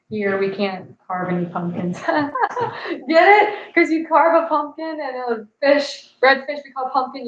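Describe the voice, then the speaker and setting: A woman's voice: fairly high pitch, a little hiss or hum. A woman in her twenties hosting a fishing live stream, chatting casually, reading viewer comments aloud and laughing at her own jokes. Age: 20s. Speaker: fishing channel host. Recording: echoey, slightly dull live-stream audio.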